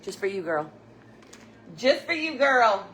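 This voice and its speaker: A woman's voice: medium pitch, sing-song, slow pace, fairly bright tone, slight background noise. A woman hosting a casual livestream, chatting with viewers and telling stories with frequent laughter. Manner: chatty, storytelling, laughs often. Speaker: livestream host.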